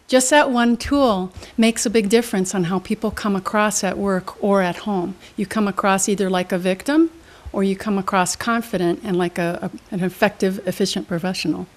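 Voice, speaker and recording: A woman's voice: mid-range voice, normal speed, few pauses. Brief: middle-aged woman, motivational speaker, upbeat teaching tone, interview guest. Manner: energetic, teaching with examples and questions.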